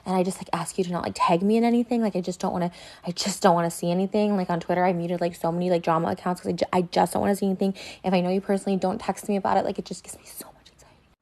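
A woman's voice: lowish voice, fairly even intonation, very fast, mellow, no room sound, poor audio. A woman in her thirties talking into her phone in a rambling personal vlog, full of "like" and restarts. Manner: rambling, heavy use of "like", frequent restarts. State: crying. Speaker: TikTok creator.

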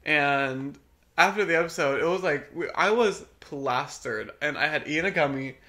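A young woman chatting on a casual podcast with her co-host, giggling her way through stories. Her voice is bright and edgy, and her pitch swings widely as she talks. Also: expressive, moderate pace. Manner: giggly, breaks into loud laughter while telling stories. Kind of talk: casual chat.

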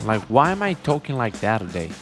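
A young man giving casual, excitable gameplay commentary as a streamer, swearing and joking as he plays. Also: fairly low pitch, brisk. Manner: excitable, swearing, jokey outbursts. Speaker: gaming streamer. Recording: voice over loud game music. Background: game music.

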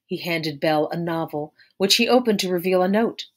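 Female audiobook narrator, low voice, measured and expressive. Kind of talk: read-aloud narration of a story.

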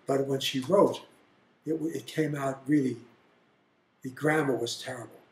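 A man's voice: mid-range voice, moderate pace, a little hiss or hum. Blunt older man telling stories, roomy. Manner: animated, blunt storyteller. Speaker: interviewee. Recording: roomy echo.

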